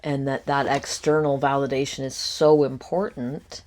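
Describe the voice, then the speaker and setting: A woman hosting a reaction commentary, picking apart a podcast clip in a critical, speculative way with frequent ums and pauses. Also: rumbling low, flat delivery, darkish tone. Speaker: commentary host.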